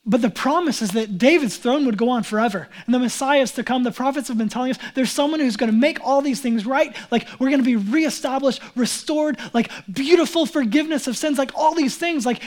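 A man's voice: very high voice, brisk, few pauses. Casual conversational male pastor preaching. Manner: casual and conversational, heavy use of "like"; acts out Bible characters in quoted speech. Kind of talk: sermon.

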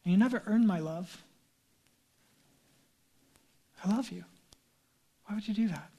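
A calm divine figure speaks with dear love, very softly and almost in a whisper, as a male pastor puts him on. The delivery is gentle and unhurried in a man's low register. Every phrase sounds reassuring. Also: breathy edge. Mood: tender. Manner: very soft, near whisper, tender. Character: calm, tender divine man speaking lovingly.

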